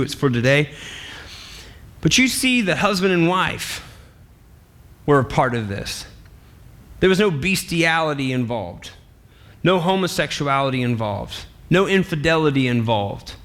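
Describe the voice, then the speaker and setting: A man who is a pastor, preaching a sermon in an animated, playful way and laughing often. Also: medium pitch, normal speed, pauses often.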